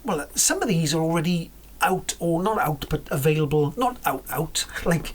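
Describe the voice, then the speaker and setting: A woman's voice: sits low, moderate pace. A woman vlogging about cars in a rambling, chatty way, often correcting herself and dropping into whispered asides. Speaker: car vlogger. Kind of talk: casual chat about cars.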